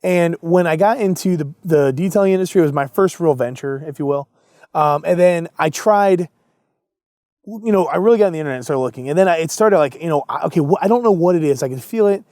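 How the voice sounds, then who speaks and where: A young man with a fairly high voice tells his story in a relaxed interview, playing out both sides of old arguments. His voice is recorded up close and dry, with no room sound. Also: fast, no echo. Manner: animated storyteller acting out both sides of conversations. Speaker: entrepreneur guest.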